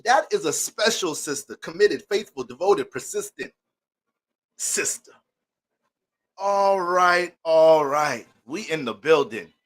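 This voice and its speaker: A man's voice: on the high side, fairly bright tone, slightly rough. A man hosting an astrology livestream, greeting viewers by name in playful mock-preacher banter.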